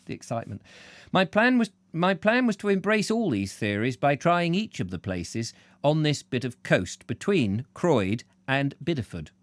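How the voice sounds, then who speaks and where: A male audiobook reader with a lively, expressive voice that rises and falls freely. He reads a travel book and keeps wandering into playful, digressive, self-mocking asides. The sound is dry and close, with no room echo. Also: a little high.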